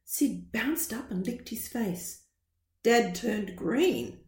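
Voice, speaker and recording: A woman reads a children's picture book aloud, slowly and with animated, sing-song expression. Her voice sits fairly high for a woman. The recording has a roomy echo. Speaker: storyteller.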